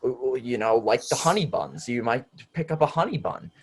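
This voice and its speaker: A young man co-hosting a casual podcast, upbeat and encouraging, giving shout-outs and asking listeners to comment. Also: mid-range voice, sing-song, a little fast, slightly rough. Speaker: podcast co-host.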